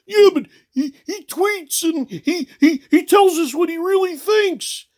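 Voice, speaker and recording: A man putting on a high, whiny voice to mock a naive male voter, stammering. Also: measured pace.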